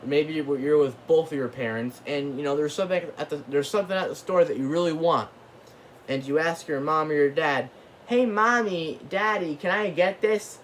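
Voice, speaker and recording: Speaking briskly in a fairly high voice, this channel host rambles through a casual rant full of fillers and mild swearing. A little hiss or hum can be heard in the recording.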